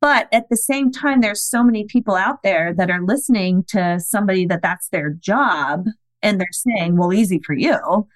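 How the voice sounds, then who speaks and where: A woman in her thirties speaks as a podcast guest, telling a personal story with casual earnestness. She acts out the lines of the people she quotes. Her voice sits at an ordinary pitch and sounds dry and close, with no room around it. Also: normal speed, dry recording, poor audio.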